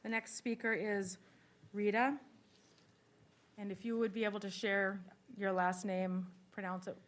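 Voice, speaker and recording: Flat-voiced woman chairing a meeting. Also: medium pitch, a little slow. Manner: polite and procedural.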